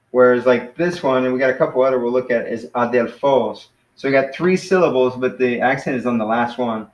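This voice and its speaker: A man's voice: mid-range voice, roomy sound, rough recording. A man casually teaching Greek pronunciation to a class, hesitant and self-correcting as he explains. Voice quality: hesitant, many fillers and restarts, self-correcting.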